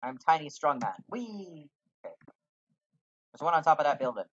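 A sarcastic gamer jokes and swears through a fantasy game, with a husky voice that swings lively up and down. The recording is dry and a little dull, from a home mic. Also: mid-range voice, moderate pace, dry recording. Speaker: let's play gamer. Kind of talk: casual game commentary.

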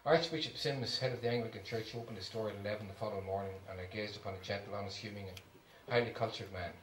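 A man's voice: lowish voice, fairly even intonation, fast talker, slight background noise. Distant man reading a story in a hall. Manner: storytelling, warmly amused. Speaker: lecturer. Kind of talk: reading a memoir aloud. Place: lecture room. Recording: echoey hall from far off, faint ambience.

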